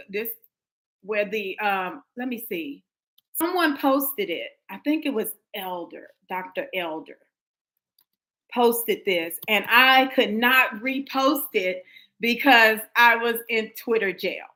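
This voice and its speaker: A woman's voice: fairly high pitch, bright, forceful tone, low-quality recording. An American woman hosting a livestream commentary, talking emphatically to her viewers with frequent restarts. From United States. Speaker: livestream host.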